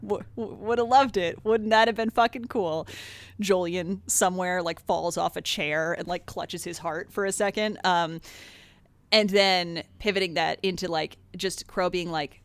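Woman, casual lore chat, excitable, swears, low pitch. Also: measured pace, no room sound. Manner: excited, swearing, filler-heavy.

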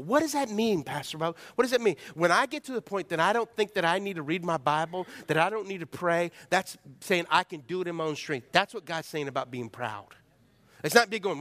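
High-voiced preacher, emphatic. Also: male voice, animated, a little fast, fairly bright tone. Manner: emphatic preaching, calls out to congregation, acts out prayers. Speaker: pastor. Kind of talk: sermon.

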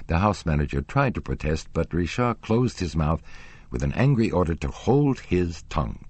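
Audiobook narrator, male: extremely low, husky voice, theatrical delivery with a wide melodic range. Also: big pitch swings, normal speed, a little mellow, no room sound. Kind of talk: scripted narration of a classic novel.

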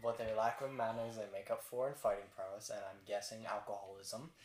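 A man's voice: on the low side, little pitch movement, fairly quick. Polite, wry man playing at a gaming table. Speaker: player. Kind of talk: in-character role-play. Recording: roomy echo with crowd chatter.

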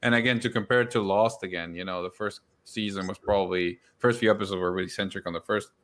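A man's voice: low voice, fairly even intonation, quick pace, a bit bright. A man hosting a podcast, chatting casually about a TV show, rambling with frequent restarts. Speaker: podcast host. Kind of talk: casual chat.

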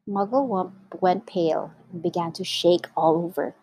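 A woman teacher reading a children's story aloud to her class, slow and expressive. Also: on the low side, no room sound.

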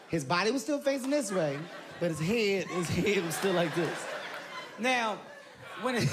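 High-pitched man doing animated stand-up. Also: noisy background. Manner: animated storytelling, acting out voices and shrieks. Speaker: stand-up comedian. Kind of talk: stand-up comedy routine. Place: theater stage before an audience. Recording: live show with loud crowd laughter.

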